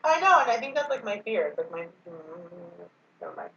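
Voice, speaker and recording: A woman's voice: on the high side, sing-song, brisk, fairly bright tone. Nervous, rambling young woman, far off. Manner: nervous, rambling, laughing often. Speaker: woman talking with her ex. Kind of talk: casual chat. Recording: distant roomy muffled mic with faint hiss.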